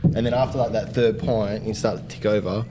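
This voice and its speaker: A man on a hospitality podcast, telling work stories in a casual, animated way, laughing and swearing freely. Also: on the low side, fairly quick, slight background noise. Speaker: podcast co-host. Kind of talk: casual storytelling.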